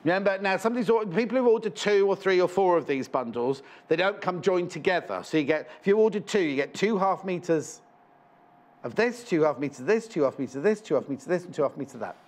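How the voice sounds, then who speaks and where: A man's voice: high-pitched, animated, fast. A man presenting live on a shopping channel, chatting and joking in rambling asides. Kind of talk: live TV sales chat. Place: TV studio.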